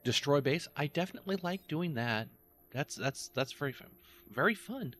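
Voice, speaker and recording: A man's voice: on the high side, lively intonation, brisk, a bit bright, faint music behind. A man chatting casually to himself and his viewers while playing a game. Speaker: game streamer. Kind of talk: casual gameplay commentary.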